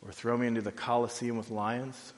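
A pastor preaching a sermon in a conversational way, full of "like"s, going from quiet and low to loud and high. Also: male voice, flat delivery, brisk, long reverb tail. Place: church hall.

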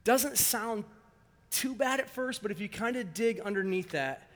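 A middle-aged man giving a sermon, joking and telling animated stories, in a hall with some echo. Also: high-pitched, measured pace. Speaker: speaker at a church service.

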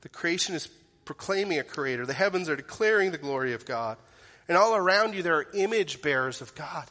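A man preaching a sermon, earnest and direct as he puts questions to the people in front of him. His voice sits a little high and rings bright and forceful. The sound carries the long reverb of a large church sanctuary. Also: lively intonation, brisk. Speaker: pastor.

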